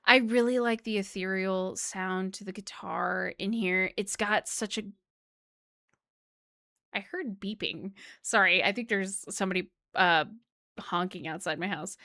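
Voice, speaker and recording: A woman's voice: medium pitch, measured pace, fairly bright tone, no echo, studio quality. A woman, a flutist, giving casual and enthusiastic spoken reactions to a song at home, sometimes humming out rhythms. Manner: chatty and enthusiastic, hums out rhythms. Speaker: music reaction YouTuber and flutist. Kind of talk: casual music reaction commentary. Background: faint music playing.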